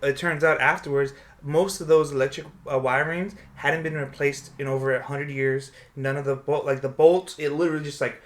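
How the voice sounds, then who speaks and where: Podcast host, male, fairly high and bright, loose animated storyteller. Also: fairly quick, few pauses. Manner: storytelling, animated when quoting people. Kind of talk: casual podcast chat.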